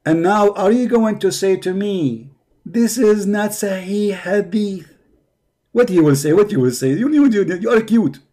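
High-pitched man, mocking reaction commentary. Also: a little mellow. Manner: mocking, sarcastic. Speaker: host. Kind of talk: reaction commentary on a debate clip.

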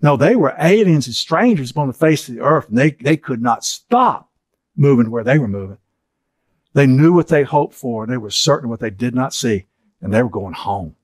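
A man's voice: mid-range voice, lively intonation, normal speed, slightly rough, no room sound. A middle-aged man giving an earnest teaching session, repeating key phrases for emphasis.

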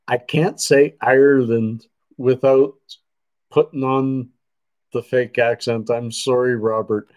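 His voice sits in the mid range, slow and steady with a slightly mellow quality, captured in poor audio. He's a Canadian man running a livestream from his computer desk, reading comments and chatting aimlessly with viewers, trailing off mid-thought.

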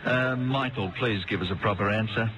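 A middle-aged man with an Australian accent hosting a talkback radio quiz, dry, brisk and exasperated with callers. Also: lowish voice, crowd noise. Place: radio studio. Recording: noisy radio broadcast.

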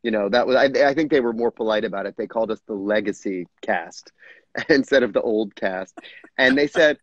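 Over a video call, a middle-aged guest actor tells stories in a casual interview, laughing often and frequently restarting his sentences. He speaks fairly quickly at a fairly low pitch, and the sound is lo-fi but free of echo.

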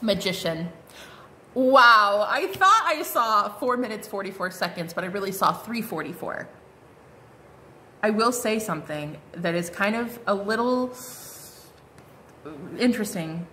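Speaking a little slowly in a mid-range voice, a woman sounds pushed and bright, her intonation lively, during a casual tarot reading. She's bubbly and talkative, heavy on fillers, exclamations, "like," and "oh my God." A bit of hiss or hum can be heard.

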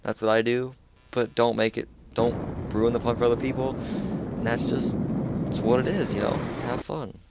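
A man's voice: mid-range voice, steady tone, normal speed, heavy background noise. A man chatting casually over his own gameplay, laid-back and loose, full of dude and like. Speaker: gamer sharing a match.

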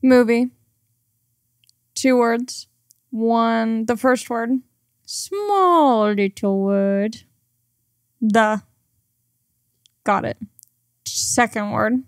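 A woman comedian, a podcast guest, talking in a slow, low-key, dry way. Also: smooth, no room sound. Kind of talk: casual podcast chat. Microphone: studio mic.

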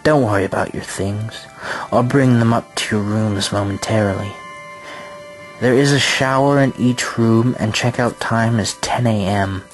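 A man voicing a thin, pale hotel keeper with a formal, businesslike way of talking, over clear background music. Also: lowish voice, measured pace, close to an everyday voice. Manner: businesslike, polite and precise.

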